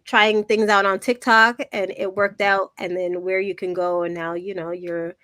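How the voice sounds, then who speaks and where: A woman's voice: mid-range voice, level tone, moderate pace, sharp tone, dry recording. A young Canadian woman hosting a podcast, chatting with an upbeat, enthusiastic manner. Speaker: podcast host. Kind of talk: casual interview chat.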